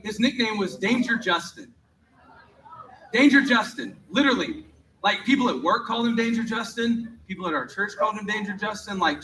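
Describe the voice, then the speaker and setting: Bright-voiced young man. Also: high voice, a little hiss or hum. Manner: lively storytelling, many "like"s. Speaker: camp speaker. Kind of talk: youth camp talk. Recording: roomy, heard from a distance.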